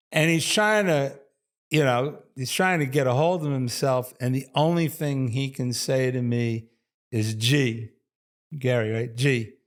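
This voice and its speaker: A man's voice: medium pitch, a little slow. An older man from New York, a former athletic trainer, telling stories in a casual interview and laughing often between his sentences. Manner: animated storyteller, laughs often mid-sentence.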